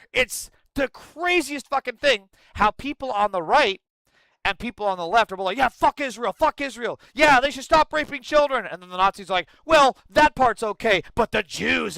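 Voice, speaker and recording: Brash, lively male political commentator. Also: on the high side, dry recording. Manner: blunt, profane and angry.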